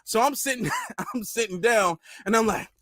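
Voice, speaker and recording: A young man vlogging, telling a story casually to camera in an animated, laughing way with loose slang. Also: sits high, normal speed, no room sound, studio quality.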